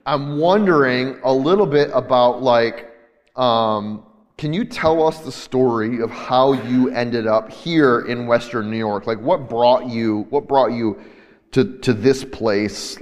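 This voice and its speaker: A man's voice: medium pitch, slow, darkish tone, in a large hall. A man interviewing a guest for a faith-based conversation, asking long, searching questions full of fillers.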